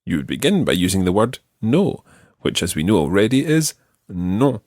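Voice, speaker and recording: Patient Scottish man teaching slowly. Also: low-pitched, sing-song, darkish tone, dry recording, studio quality. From Scotland. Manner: patient, models phrases slowly for repetition. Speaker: language teacher. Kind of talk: slow, clear language lesson.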